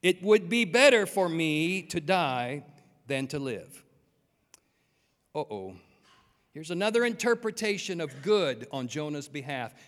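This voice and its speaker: An earnest male preacher delivers a sermon, often putting questions to his listeners. His voice sits high for a man, his pace is slow and deliberate, and the sound carries a long hall reverb. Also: sing-song, fairly bright tone. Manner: asks the congregation rhetorical questions, earnest.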